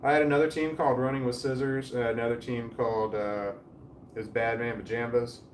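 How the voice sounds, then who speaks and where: A man's voice: mid-range voice, little pitch movement, brisk. Rambling man, distant roomy mic. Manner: meandering, trails off mid-sentence, swears casually. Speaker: livestream host reading chat. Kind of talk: rambling casual chat. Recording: roomy, distant mic with faint background noise.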